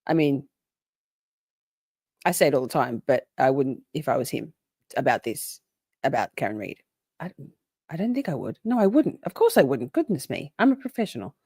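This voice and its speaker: A woman's voice: extremely low pitch, big pitch swings, moderate pace, long pauses, a little mellow, husky, no echo, studio quality. A woman giving casual, profane, sarcastic reaction commentary to a clip, with frequent laughing asides. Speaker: commentary streamer.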